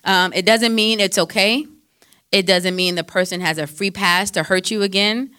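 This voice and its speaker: Lady counselor, faith advice talk, bright punchy voice, dry sound, lots of ums. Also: mid-range voice, fairly even intonation, moderate pace, clean tone, dry recording. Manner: conversational, quotes scripture, frequent fillers.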